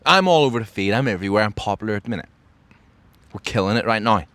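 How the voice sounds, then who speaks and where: A man's voice: fairly low pitch, animated, fast talker, fairly bright tone, no room sound. Brash man hosting a podcast. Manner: boastful, brash, mock-grandiose. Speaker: podcast host. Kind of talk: brash comedic podcast monologue.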